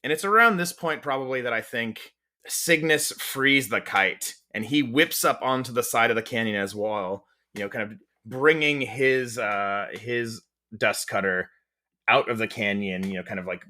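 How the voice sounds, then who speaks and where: A man's voice: mid-range voice, normal speed, bright, forceful tone. A man acting as game master, describing the scene at length with lots of restarts and fillers. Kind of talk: narrating a tabletop game.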